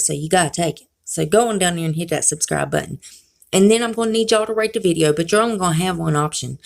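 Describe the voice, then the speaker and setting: A woman's voice: medium pitch, creaky. A woman from South Carolina with a Southern accent, chatting casually to her viewers in a folksy, playfully sassy way. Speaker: beauty YouTuber. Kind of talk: casual vlog chat.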